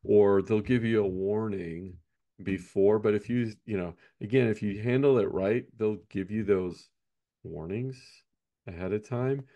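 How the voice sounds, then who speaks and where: A man's voice: on the low side, unhurried, warm tone, highs cut off. A man, a basketball coach, chatting casually on a podcast, rambling and often ending points with "right?".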